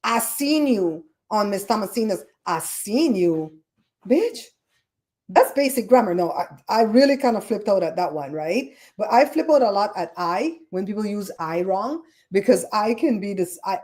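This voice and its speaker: Caribbean lady hosting her stream, mellow warm voice, chatty and fired up about grammar. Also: medium pitch, normal speed, few pauses. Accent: Caribbean English. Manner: chatty, animated storyteller, fussy about grammar. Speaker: podcast host. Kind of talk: casual livestream chat. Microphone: streaming setup microphone.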